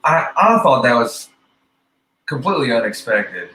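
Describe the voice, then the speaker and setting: A man chatting casually about a film on a podcast, relaxed and crude, often stopping and restarting. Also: medium pitch, unhurried. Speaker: podcast guest. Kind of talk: casual movie discussion. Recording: echoey room with faint hiss.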